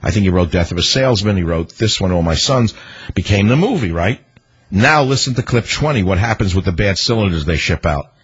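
Indignant, husky radio talk host. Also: male voice, low-pitched, lively intonation, brisk. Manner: indignant, rhetorical, hammering repetition. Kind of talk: political radio commentary. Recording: dull lo-fi radio broadcast.

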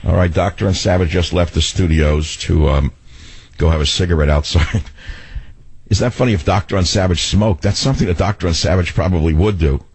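A man's voice: deep voice, brisk, a little mellow, husky, dry recording. An older man hosting a radio talk show, telling rambling stories in a sardonic tone.

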